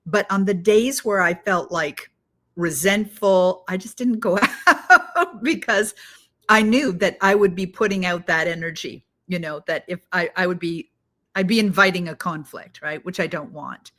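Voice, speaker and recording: A woman's voice: fairly low pitch, unhurried, a bit bright. A woman hosting an interview, restarting her sentences as she works out her questions. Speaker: podcast host. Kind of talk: interview conversation.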